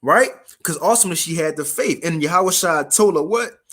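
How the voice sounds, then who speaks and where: A man preaching a casual street sermon, reading scripture slowly and formally, then explaining it in slang and checking in with his listeners. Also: a little high, lively intonation, a bit bright.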